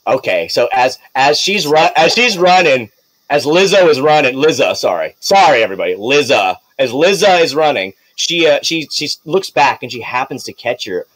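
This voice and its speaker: A man's voice: medium pitch, animated, normal speed, fairly bright tone, low-quality recording. A man narrating a tabletop game as game master, rambling and giggly as he corrects himself.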